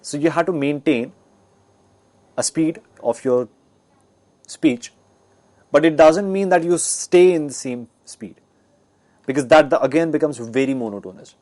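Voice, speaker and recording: A man's voice: a little high, unhurried, pauses often, a little mellow. A man as a guest speaker, explaining communication skills in an educational talk, demonstrating with his own voice. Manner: explanatory, with frequent fillers and restarts.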